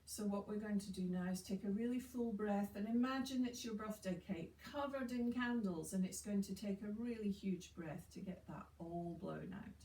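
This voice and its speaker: A woman guiding a chair yoga session, giving slow, soothing breathing instructions with gentle encouragement. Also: medium pitch, a little hiss or hum. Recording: roomy, distant mic with faint ambience.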